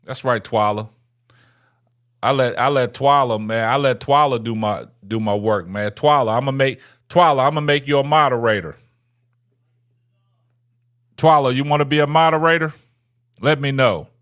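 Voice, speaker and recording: Speaking at normal speed with frequent pauses, a livestream host with a medium-pitched, fairly bright voice addresses viewers in the chat. He teases them, repeats himself, and often closes phrases with "man" during the casual stream.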